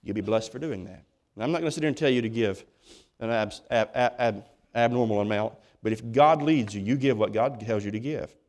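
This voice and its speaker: A male pastor's mid-range, darkish voice carries his church sermon. He preaches in a folksy, emphatic style and frequently restarts what he's saying.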